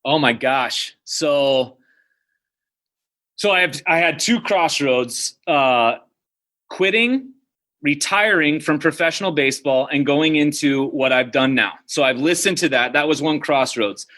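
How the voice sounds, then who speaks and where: Speaking a little slowly in a slightly high, pushed and bright voice, an American man in his thirties tells personal stories on a podcast. His manner is casual, and "dude" and "like" come up often.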